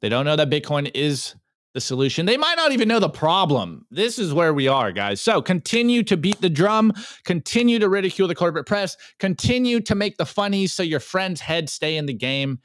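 A man hosting a solo podcast, reading memes aloud and rallying listeners, swinging from fired-up calls to low, earnest asides. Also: sing-song, a little fast, a bit bright, dry recording, clean studio sound. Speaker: podcast host.

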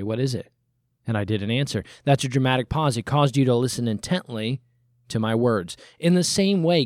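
A man preaching a sermon, asking rhetorical questions and using deliberate pauses, rising sharply on key points and dropping low to finish them. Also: a little mellow, no room sound, studio quality.

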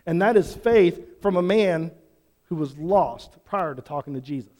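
A man's voice: fairly high pitch, animated, a little slow, a little mellow. A pastor preaching an earnest sermon to his congregation, pressing them with repeated questions. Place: church sanctuary. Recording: long hall reverb.

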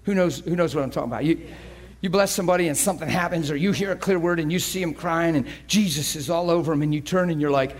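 Husky high-voiced preacher man. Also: fast talker. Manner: animated storytelling, swinging from hushed to shouting. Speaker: pastor. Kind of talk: sermon.

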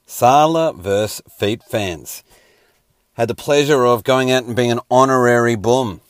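A man's voice: mid-range voice, unhurried, no echo, clean studio sound. A man hosting a casual sports round-up, a little scratchy and hungover, with wry joking asides. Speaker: host.

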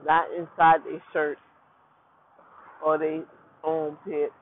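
A man casually telling viewers a personal faith story, animated and repetitive, often turning to talk to them directly. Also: fairly high pitch, unhurried. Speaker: vlogger sharing a personal testimony. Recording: phone-quality line with faint noise.

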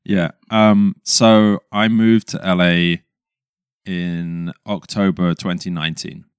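A young man talks casually as a podcast guest, poking fun at himself and laughing easily. His voice sits low with a smooth, clean resonance. The sound is dry and close, with no room around it. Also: flat delivery, slow pace, no echo. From England. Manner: self-deprecating, laughs often. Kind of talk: casual chat.

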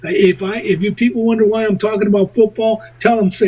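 A man hosting a show, telling rambling stories in casual chat with a husky voice. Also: sits high, steady tone, fast, mellow, poor audio. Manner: rambling, chuckling storyteller. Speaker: radio show host.

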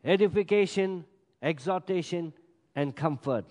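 A man preaching a sermon as pastor, emphatic, swinging between loud bursts and quiet asides. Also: a little high, a little slow. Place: large church hall. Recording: long hall reverb. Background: congregation.

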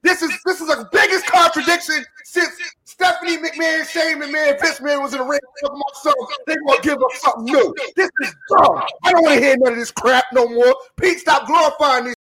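A man co-hosting a wrestling talk show, ranting and shouting in exasperation. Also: very high-pitched, steady tone, a little fast. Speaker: podcast co-host.

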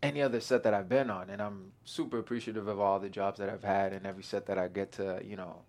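A young man chatting as a guest actor in an interview, excitable, laughing often and acting out his own quotes. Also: lowish voice, fast. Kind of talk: casual interview chat.

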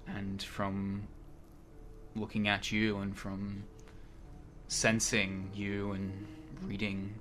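A grave, cryptic mystic, put on by a man running a tabletop game speaks in slow, measured pronouncements. The voice sits a little low but rings bright. Faint music plays behind.

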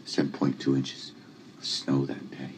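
A very deep, flat-voiced fact reciter. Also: male voice, unhurried, slight background noise. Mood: flat reciting. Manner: monotone, recites dates and numbers exactly. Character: adult man with a flat, fact-reciting way of speaking. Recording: dull lo-fi film audio.

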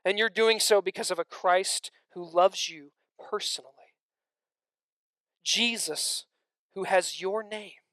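A man preaching a sermon, swinging between loud emphatic stretches and hushed near-whispers, with conversational asides to the congregation. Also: high-pitched, slow pace, pauses often, no room sound.

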